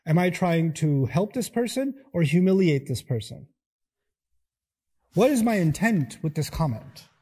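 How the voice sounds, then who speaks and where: A man giving a lecture, animated and acting out little dialogues in quoted voices. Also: on the high side, measured pace, breathy edge. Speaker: speaker giving a talk. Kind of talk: lecture on scripture.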